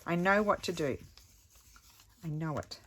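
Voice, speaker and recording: A middle-aged woman with a low voice talks through a craft project at home. She thinks out loud in a casual, self-mocking way. The room has a faint hiss behind her. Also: a little slow. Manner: chatty, thinks aloud, self-deprecating. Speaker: craft vlogger. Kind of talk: casual crafting tutorial chat.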